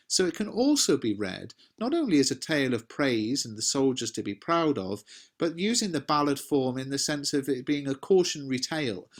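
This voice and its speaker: A male English teacher giving a recorded exam revision lesson, explaining poetry in a conversational, encouraging way and addressing students directly. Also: medium pitch.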